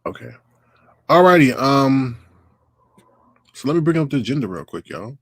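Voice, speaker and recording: A man hosts a casual livestream, ranting and doing mocking impressions of the people he discusses, recorded on a computer mic. His medium-pitched, slightly rough voice swings widely in pitch at a moderate pace, and the sound is dry and clean, like a studio.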